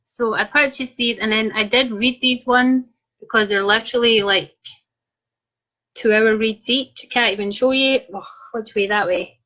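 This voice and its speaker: Young woman author, cheeky and chatty on a live feed; bright, tense voice pitched a bit high, dull lo-fi sound. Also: moderate pace. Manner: cheeky, chatty, self-mocking. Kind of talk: live video chat reading out viewer comments. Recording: dull lo-fi live stream audio.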